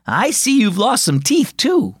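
A man's voice: very high-pitched, huge pitch swings, measured pace, breathy edge, no room sound, studio quality, voice pushed up, full character voice. A man reading as a doting grandma. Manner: exclaiming, doting. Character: eager, affectionate grandmother.

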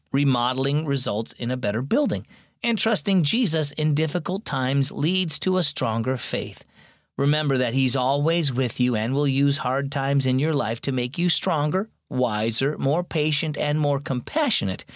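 A man's voice: mid-range voice, no echo, clean studio sound. Earnest man hosting a kids' devotional. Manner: friendly, earnest storyteller. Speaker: host of a children's devotional. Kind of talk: scripted narration.

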